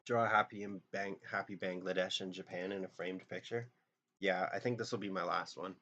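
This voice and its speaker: A man's voice: low voice, fairly even intonation, brisk, bright, forceful tone, lo-fi sound. A young man chatting casually on a live drawing stream, rambling and joking, trailing off into half-remembered song lines.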